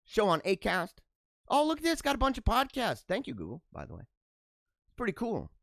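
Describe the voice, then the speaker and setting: A man hosting a show, reading out news items and joking about them in loose, animated asides with frequent laughs. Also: sits high, normal speed, creaky, no room sound. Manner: animated, laughs and riffs between read-aloud headlines. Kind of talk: casual commentary on news items.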